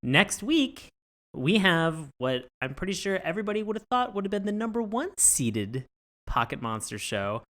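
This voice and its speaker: A man's voice: high voice, sing-song, moderate pace, fairly bright tone. A man co-hosting a podcast, upbeat, plugging upcoming shows and his social handles. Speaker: podcast co-host. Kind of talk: casual podcast chat.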